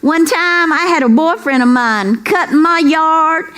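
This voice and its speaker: A woman's voice: sits high, unhurried, a bit bright. A woman comic voicing her bold, bossy girlfriend giving brash advice about men. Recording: live stand-up with crowd noise.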